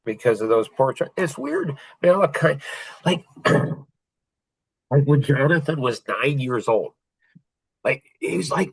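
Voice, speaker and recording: Guy on a podcast telling a personal story, slow and halting, lots of pauses, dry close sound. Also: on the high side, fairly bright tone, slightly rough, no room sound, poor audio. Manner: reflective and halting, many pauses and restarts. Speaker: podcast host.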